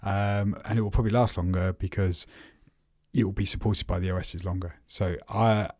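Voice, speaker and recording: Deep-voiced man in casual tech chat. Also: steady tone, normal speed, darkish tone, no room sound, studio quality. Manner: chatty, repeats and restarts words. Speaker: podcast co-host.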